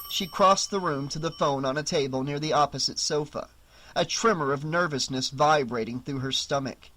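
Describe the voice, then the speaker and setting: An audiobook narrator reading a horror novel aloud with expressive storytelling. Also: mid-range voice, moderate pace.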